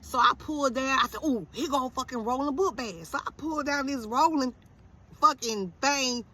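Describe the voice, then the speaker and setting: A woman in her thirties telling a casual, profane story, acting out everyone's lines in an animated way. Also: high-pitched. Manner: animated, profane, quick to quote others.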